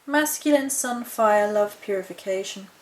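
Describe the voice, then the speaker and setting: A woman's voice: medium pitch, normal speed, low-quality recording. Chatty woman rambling through a haul. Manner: chatty and rambling, reading notes aloud from a book. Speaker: witchcraft vlogger. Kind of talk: casual chat showing a haul.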